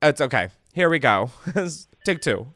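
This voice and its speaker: A man's voice: medium pitch, sing-song, measured pace, bright, forceful tone, no echo. A young man runs a casual comedy podcast, nervous and self-deprecating, cursing freely and laughing at himself. His mid-range voice sounds close and dry on a studio microphone. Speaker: podcast host.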